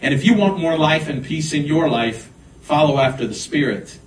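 A man preaching from a church pulpit in a somewhat high voice, rising to loud urgent peaks before easing into hushed prayer. He sits at some distance from the microphone, so his words ring through a roomy, echoing sanctuary. A faint hum of room noise lies underneath. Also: expressive, normal speed. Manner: impassioned preaching that swells loud and high, then drops to soft prayer. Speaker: pastor. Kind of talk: sermon and closing prayer. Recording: echoey room, picked up from a distance.

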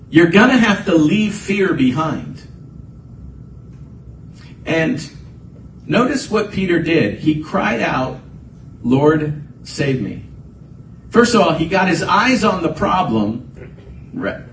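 A man's voice: fairly high pitch, a little hiss or hum. Echoey pastor preaching, man. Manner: conversational preaching with rising emphatic bursts. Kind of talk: sermon. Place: church sanctuary. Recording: echoey room, voice from a distance, faint ambience.

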